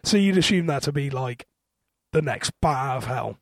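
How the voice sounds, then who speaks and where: A man with a husky voice, co-hosting a podcast in a hesitant, wry, rambling chat. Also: mid-range voice, expressive, moderate pace, no room sound, studio quality. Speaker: podcast co-host. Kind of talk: casual chat.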